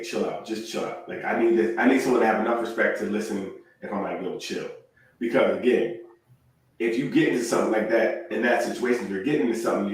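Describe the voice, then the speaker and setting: A male podcast host chatting casually, laughing often and acting out little scenes with quoted lines. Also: fairly low pitch. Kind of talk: casual chat. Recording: echoey room, far from mic.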